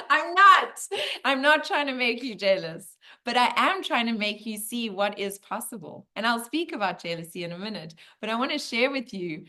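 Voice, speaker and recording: A woman giving a motivational masterclass, animated and storytelling, with bursts of laughter and quiet moments. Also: fairly high pitch, normal speed. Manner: animated, laughs and drops to a hush for heavy moments. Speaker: masterclass speaker.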